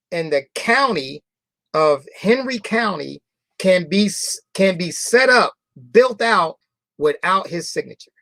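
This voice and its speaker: Man, company founder, motivational storytelling, slow deliberate delivery, repeats phrases, rhetorical questions, dry close sound. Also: high-pitched, fairly bright tone, no echo. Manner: repeats phrases for emphasis, drawn-out key words; asks the audience rhetorical questions. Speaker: company founder addressing members.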